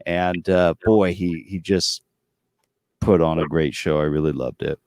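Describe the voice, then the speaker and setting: Low-voiced easygoing man on a video call. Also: fairly even intonation, measured pace, a little mellow, dry recording, clean studio sound. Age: around 40. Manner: easygoing, rambling, with many fillers. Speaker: tribute performer, interview guest. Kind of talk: casual storytelling interview. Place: seated at the front of a tour bus.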